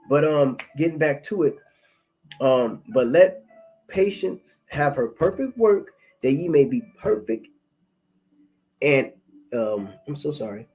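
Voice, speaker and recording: A man gives a loose, profane spoken testimony in an ordinary mid-range voice. He restarts and repeats himself, then slows down and reads scripture with more weight. Faint music plays underneath. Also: medium pitch, lively intonation, darkish tone, low-quality recording.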